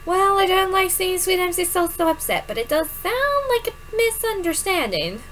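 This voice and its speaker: A woman's voice: very high-pitched, big pitch swings, normal speed, a bit bright, a little hiss or hum, pitched above the performer's own voice, heavily acted, low-quality recording. A woman voicing a protective, caring middle-aged mother in a story game. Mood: concerned.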